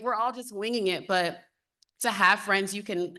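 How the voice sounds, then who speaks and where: A woman's voice: medium pitch, moderate pace, sharp tone. A woman in her thirties speaking on a panel in an open, heartfelt, conversational way. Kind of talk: candid panel talk. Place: symposium panel.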